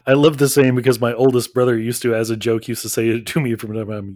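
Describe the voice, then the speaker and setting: A man co-hosting a podcast in casual chat, playful and quick to laugh, picking apart the plot. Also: mid-range voice, flat delivery, a little mellow, no room sound. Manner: laughs often, playful, pokes holes in the plot. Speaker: podcast co-host.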